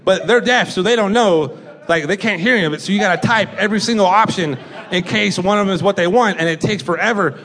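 High-voiced profane young stand-up comic. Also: male voice, quick pace, a bit bright. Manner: rambling, profane, laughing at his own jokes. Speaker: stand-up comedian. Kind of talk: stand-up comedy set. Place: comedy club stage. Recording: live club recording with audience noise. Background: audience laughter and chatter.

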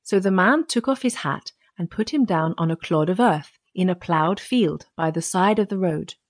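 A woman narrating a children's fairy tale audiobook in a steady storytelling manner. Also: fairly low pitch, normal speed.

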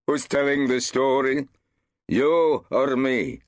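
A man's voice: mid-range voice, slow, dry recording, studio quality, voice pushed up. A man voicing a defensive, indignant male cafe storyteller in an audiobook, telling his tale theatrically. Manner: theatrical, touchy when interrupted. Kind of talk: audiobook character voice.

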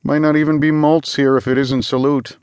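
A gloomy spacer navigator who mutters every doubt under his breath, as a man puts him on. The pitch sits a touch higher than the narrator's own, with an odd, altered color. Close, dry audiobook sound. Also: level tone, moderate pace, a little mellow, clear, resonant tone, no room sound, natural voice. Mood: doubtful. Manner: muttering, pessimistic.

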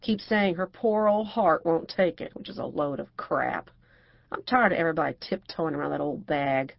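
A woman's voice: low-pitched, normal speed, gravelly, no echo, highs cut off. A woman narrator voicing a brassy, outspoken middle-aged divorcée who talks bluntly and crudely.

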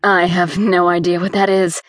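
A woman's voice: fairly low pitch, flat delivery, normal speed, no room sound, studio quality, lightly acted. A woman voicing a tough, guarded young paramedic who speaks bluntly. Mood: wary, curt.

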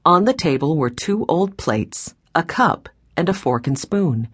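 A woman narrating a children's audiobook with clear, expressive storytelling on a close mic. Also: low voice, unhurried.

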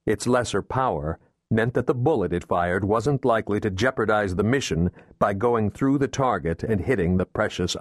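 A man reading a thriller audiobook in steady, measured scripted narration, recorded on a close studio mic. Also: fairly low pitch, no echo. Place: recording booth.

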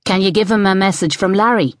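A woman reading the lines of a calm, quietly threatening male debt collector. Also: mid-range voice, fast talker, no echo, lightly acted. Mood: cold menace. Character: menacing male debt collector, cool and smug.

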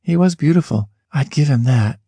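A man narrating an audiobook in the first person, expressive and lifting his pitch sharply on questions, recorded close in a studio booth. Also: normal speed, husky, no room sound.

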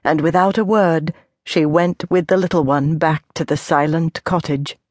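Woman narrator, children's audiobook, low voice, gentle measured delivery. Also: steady tone, no room sound, studio quality. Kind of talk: scripted narration.

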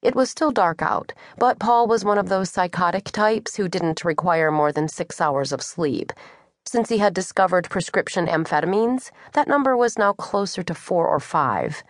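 A woman's voice: fairly low pitch, animated, moderate pace, dry recording. A woman reading a first-person novel as an audiobook narrator, in a wry, conversational way. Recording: dry studio.

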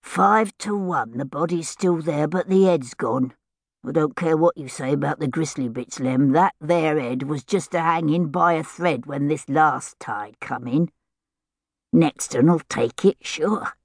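Woman doing a coarse dockside idler, slow and rough. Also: low voice, no echo, clean studio sound. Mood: gleeful. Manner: slow, rough local dialect speech. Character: coarse idle dockside man betting on a corpse.

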